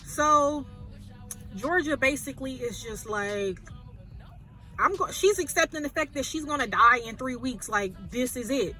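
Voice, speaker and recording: High, bright chatty woman film reviewer. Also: unhurried, soft background music. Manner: animated, chatty storytelling with fillers. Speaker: movie reviewer. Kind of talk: casual retelling of a film plot.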